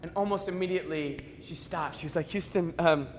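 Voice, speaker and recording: A man in his twenties, a motivational speaker, telling stories at a school assembly in an animated, conversational way with comic asides. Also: fairly high pitch, quick pace, a little hiss or hum. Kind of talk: school assembly keynote storytelling. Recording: echoey school hall reverb.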